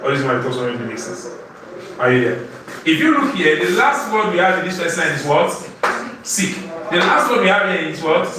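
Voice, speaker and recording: A man with a rather high, very animated voice teaches literature to a live class at normal speed, tossing out questions that end in "what?" for students to answer in call-and-response. He's far from the mic in an echoey room, with crowd noise and the class audible.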